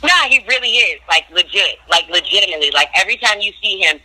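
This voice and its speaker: A woman's voice: fairly low pitch, expressive, fast talker, bright, forceful tone. A woman on a phone call telling blunt, profane stories in a casual interview. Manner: brash, profane, blunt storytelling. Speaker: reality TV guest.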